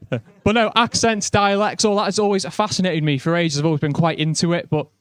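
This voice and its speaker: A man's voice: sits high, moderate pace, smooth. A young man with a Liverpool accent doing a stand-up comedy set in a chatty, self-mocking way.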